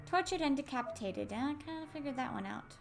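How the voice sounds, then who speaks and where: A woman's voice: high-pitched, expressive, brisk, gravelly. A woman commentating a horror game let's play, jumpy, laughing and swearing at the scares. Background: game music.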